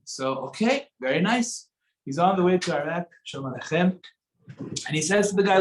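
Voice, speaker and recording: Guy rabbi telling a story in shul, kinda high voice, roomy echo. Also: brisk. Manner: conversational, animated storytelling with Hebrew terms. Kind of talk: sermon with storytelling. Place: synagogue.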